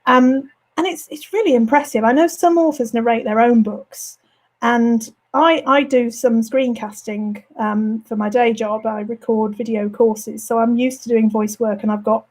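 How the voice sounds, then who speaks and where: A woman author with a mild Birmingham accent and flat vowels, going a bit hoarse, chatting in an interview with lots of ums and self-corrections. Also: on the high side, normal speed, poor audio. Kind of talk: casual interview chat. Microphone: home studio setup.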